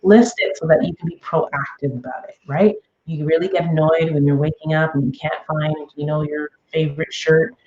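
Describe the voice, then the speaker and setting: A woman's voice: deep voice, fairly even intonation, normal speed, few pauses, a little mellow, lo-fi sound. A middle-aged woman hosting a parenting podcast, giving casual advice with lots of "okay?" and "um". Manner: chatty, frequent "okay?" and "um" check-ins.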